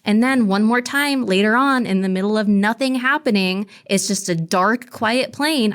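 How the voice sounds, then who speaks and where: A woman telling a story in casual chat, acting out quoted voices as she goes. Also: mid-range voice. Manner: animated retelling with quoted voices. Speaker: in-studio guest telling her story.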